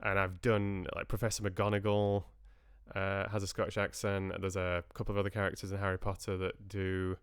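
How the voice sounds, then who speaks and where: Guy chatting on his stream, low smooth voice, rambles and restarts a lot. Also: monotone, brisk, dry recording, studio quality. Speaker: livestream host and audiobook reader. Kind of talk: casual chat with live viewers.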